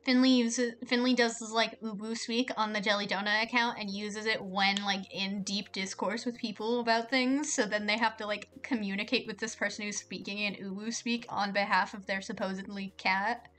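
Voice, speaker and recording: A woman's voice: mid-range voice, fairly even intonation, a bit bright, faint music behind. A woman streamer chatting casually and jokingly while reading a visual novel aloud. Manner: rambling, joking, fast with fillers.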